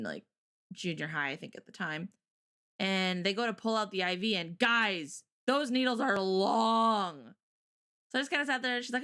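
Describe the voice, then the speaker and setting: Woman streamer, bright voice, chatty storyteller who laughs a lot; casual live chat. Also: medium pitch. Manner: chatty storyteller, giggles often. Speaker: co-host of a morning stream.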